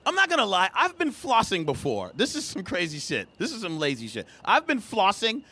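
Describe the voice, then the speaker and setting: A stand-up comedian man in his thirties, telling profane, exasperated stories about home life. His voice sits high and leaps all over the place. It has a bright, forceful edge, especially when he breaks into loud outbursts. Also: huge pitch swings, brisk, breathy edge.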